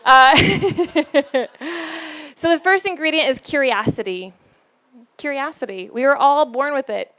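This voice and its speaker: A woman giving a storytelling talk to a live audience about relationships, playful and laughing often, with dramatic pauses. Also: sits high, fairly bright tone, no room sound.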